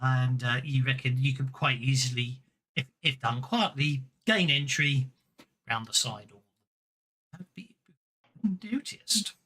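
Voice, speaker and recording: A man's voice: mid-range voice, slow, long pauses, sharp tone. A man running a tabletop game as game master, hesitant, with many fillers and restarts.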